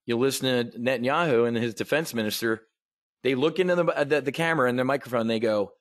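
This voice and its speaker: This market briefing host talks fast in a medium-pitched voice, giving profane, casual livestream commentary on trading. Blunt, sarcastic, and prone to restarts, he's captured in clean studio sound with no room tone.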